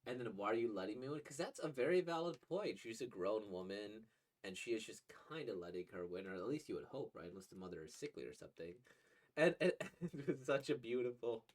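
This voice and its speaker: A man's voice: mid-range voice, big pitch swings, brisk. A young man casually reacting to a manga, rambling with many restarts and short laughs.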